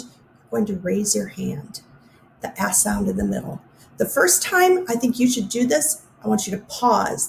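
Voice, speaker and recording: A woman teaching a phonics lesson to young children, sounding out letter sounds slowly and clearly. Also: mid-range voice, darkish tone, a little hiss or hum.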